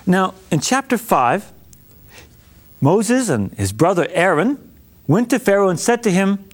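A man's voice: high voice, darkish tone. A man teaching on a Bible story, acting out the dialogue with humor and plenty of animation. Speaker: preacher.

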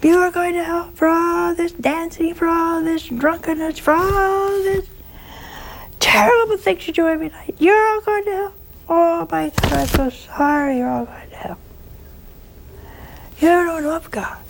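A woman voicing an old male country priest with a high-pitched voice, wailing hellfire warnings at his flock. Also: fairly even intonation, a little slow, gravelly, full character voice, poor audio. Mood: scolding.

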